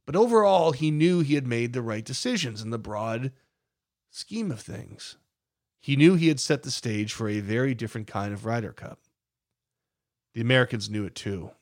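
A man's voice: mid-range voice, animated, moderate pace, no room sound, clean studio sound. A man narrating a podcast, telling the story with emphatic, dramatic builds.

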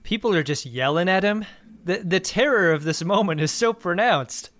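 A man with a thin, reedy voice, a little high, chats casually and playfully as a podcast co-host. The close mic is dry, with no room sound. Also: lively intonation, normal speed, a bit bright, dry recording. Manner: playful, riffing and recapping.

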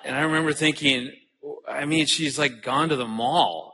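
Man in his 40s, bright tone, earnest conference speaker who tells stories and repeats his words. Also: a little high, moderate pace, hardly any pauses. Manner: earnest, storytelling, repeats words when starting sentences. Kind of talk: earnest conference talk with personal story.

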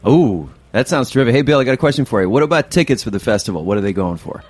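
A man's voice: medium pitch, expressive, racing, darkish tone. A man co-hosting a radio talk show in the studio, enthusiastic and playful. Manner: enthusiastic and jokey. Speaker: radio co-host. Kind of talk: casual radio chat.

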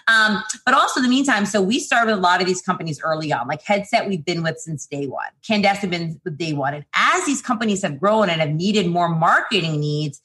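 A woman who founded a PR agency, talking casually and quickly in an interview, with lots of fillers and restarts. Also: fairly low pitch, expressive, pushed and bright.

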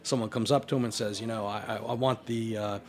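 Lawyer guy on a radio show, lowish voice, dry joke-teller. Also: fairly even intonation, quick pace. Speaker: guest lawyer. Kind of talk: casual talk, telling a joke.

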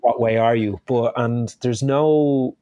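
A man's voice: mid-range voice, fairly even intonation, slow pace, mellow, clear, resonant tone, dry recording, dull audio. A man with an Irish accent, a chef guest in a casual conversation, who rambles and corrects himself as he tells stories. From Ireland. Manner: rambling, self-correcting storyteller.

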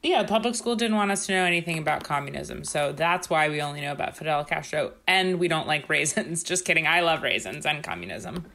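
A woman's voice: deep voice, animated, brisk, vocal fry, hardly any pauses, fairly bright tone, a little hiss or hum. A woman co-hosting a podcast in casual chat, joking about herself and speaking candidly. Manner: joking, self-deprecating and candid. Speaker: podcast co-host.

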